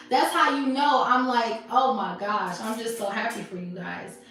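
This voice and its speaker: A woman's voice: on the high side, steady tone, normal speed, fairly bright tone. A woman doing a live tarot reading in a sassy, emphatic way. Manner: sassy, emphatic, laughing often. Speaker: tarot reader. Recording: very echoey room, mic far off.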